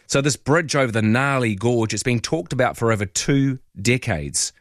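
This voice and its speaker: A man's voice: medium pitch, dry recording, clean studio sound. A man with a New Zealand accent hosting overnight talk radio, chatting in a rambling way and inviting listeners to call. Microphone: studio microphone.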